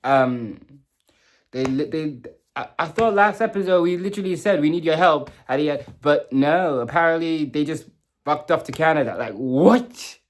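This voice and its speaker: A young man talks through a TV finale in a loose, rambling vlog. His voice sits a little high, and he stops, restarts and swears as he goes. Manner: emotional, halting, swears, many fillers and restarts. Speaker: vlogger reviewing a TV show. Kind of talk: casual rambling reaction review.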